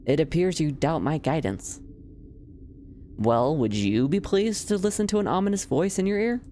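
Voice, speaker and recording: A woman's voice: sits low, lively intonation, normal speed, warm tone, slight background noise, pitched above the performer's own voice. A woman reading the lines of a mysterious ominous voice in a game, formal, haughty and taunting. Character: mysterious ominous guiding voice, smug and cryptic.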